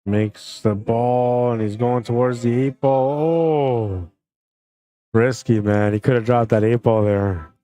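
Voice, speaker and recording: Relaxed man calling pool. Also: medium pitch, takes it slowly. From Canada. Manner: relaxed, friendly, reads out chat comments between shots. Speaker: pool tournament commentator and streamer. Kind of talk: live play-by-play commentary.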